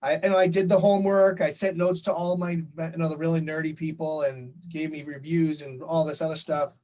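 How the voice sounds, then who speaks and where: A chatty man tells a long, meandering story, full of "uh" and "you know". His voice sits a little high, and he speaks as a guest on a video call. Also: flat delivery, fairly quick, warm tone, rough recording. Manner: chatty, rambling storyteller with many fillers. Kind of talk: casual chat.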